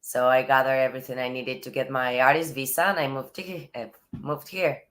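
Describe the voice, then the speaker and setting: An Argentine woman with a strikingly low voice, speaking English as a second language after Spanish. She talks as a guest in a casual interview, thoughtful and relaxed. Now and then she slips in a soft laugh between phrases. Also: fairly quick. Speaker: actress, guest.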